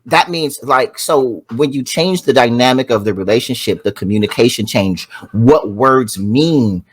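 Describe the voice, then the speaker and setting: Animated man co-hosting a podcast. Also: medium pitch, measured pace, breathy edge, dry recording. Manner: animated, acts out quotes, asks "you see what I'm saying". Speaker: podcast co-host. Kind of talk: casual chat.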